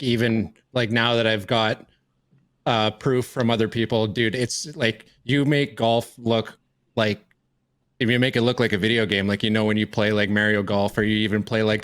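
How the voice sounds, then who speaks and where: A young man from Northern Ontario in Canada who hosts a casual podcast, upbeat and quick to laugh, repeating his catchphrases. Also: on the low side, a bit bright. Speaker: podcast host.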